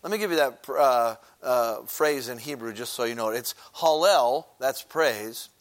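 A man's voice: medium pitch, normal speed, a bit bright. A man gives a sermon in an easygoing, conversational way. He stops often to ask the people in front of him questions, and his talk is full of little fillers as he teaches. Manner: conversational teaching with frequent filler words, asks the congregation questions; briefly sings a short chorus. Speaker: preacher.

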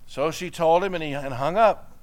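Preacher with a smooth voice. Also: male voice, fairly high pitch, moderate pace, a little mellow. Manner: storytelling, building to emphatic exhortation. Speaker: pastor. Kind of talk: sermon.

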